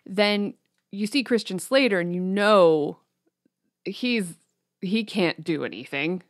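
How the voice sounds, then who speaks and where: A woman's voice: mid-range voice, takes it slowly, no echo, studio quality. A woman co-hosting a podcast, chatting casually about a film with a wry, joking manner. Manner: joking, wry, reads out her notes. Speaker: podcast co-host. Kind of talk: casual film review chat.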